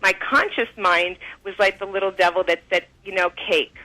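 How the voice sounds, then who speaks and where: Bright-voiced woman on a phone line. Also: mid-range voice, moderate pace, soft background music. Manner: animated, acts out quoted voices, laughs often. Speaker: author and guest. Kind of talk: interview, explaining and telling stories.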